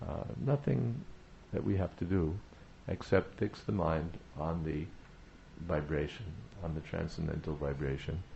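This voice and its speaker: A man giving a devotional talk on chanting, speaking in a measured way, pausing often with "uh" and repeating phrases for emphasis. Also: rumbling low, creaky, mellow, muffled recording, a little hiss or hum. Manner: measured, repetitive emphasis with frequent "uh" pauses. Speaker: spiritual teacher.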